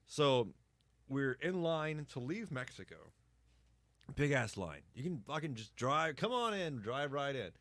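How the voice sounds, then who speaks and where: A man's voice: medium pitch, measured pace, dry recording. Profane, laughing man telling stories. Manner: profane, animated storyteller who laughs often. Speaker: podcast host. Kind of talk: casual storytelling chat.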